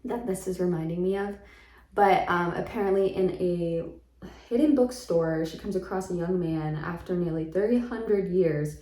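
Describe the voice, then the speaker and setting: A woman's voice: fairly low pitch, moderate pace, dark tone. A woman casually chatting about the books she plans to read, rambling a little with frequent ums and likes. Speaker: book vlogger. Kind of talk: casual book chat. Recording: echoey room.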